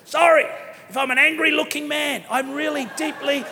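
Very high-voiced preaching man. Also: steady tone, brisk, pushed and bright, a little hiss or hum. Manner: emphatic, repeats key phrases, acts out quoted people. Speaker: pastor. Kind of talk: sermon. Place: church auditorium. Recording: long reverb from a large hall.

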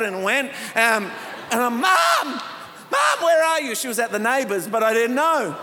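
A man preaching a sermon as a pastor, telling stories and rising to passionate, shouted appeals. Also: extremely high pitch, a little hiss or hum. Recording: reverberant hall.

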